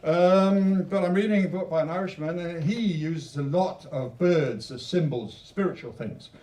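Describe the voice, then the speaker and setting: A man's voice: on the high side, moderate pace, dark tone. Chatty man reading poetry in an echoey room. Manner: rambling, joking asides between poems, rhythmic emphatic recitation. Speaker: poet reading his own work. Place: literature event venue, indoors. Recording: echoey room recording from a distance.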